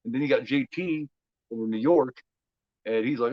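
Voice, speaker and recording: A Midwestern-accented man from Indiana hosts a movie watch-along, his easygoing chat rambling and full of repeated words. He talks a little fast in a mid-range voice, recorded without room sound and with dull audio.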